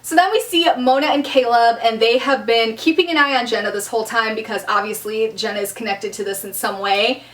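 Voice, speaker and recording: A young woman giving a casual, excitable recap of a TV episode, laughing often and acting out scenes. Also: a little high, brisk, few pauses, distant mic. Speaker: vlogger.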